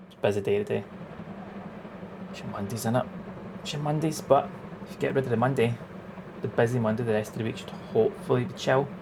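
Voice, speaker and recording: Gravelly-voiced gaming streamer. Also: male voice, mid-range voice, fairly even intonation, fast, pauses often, noisy background. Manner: chatty, upbeat, reads game text aloud. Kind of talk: casual gaming commentary. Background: game music.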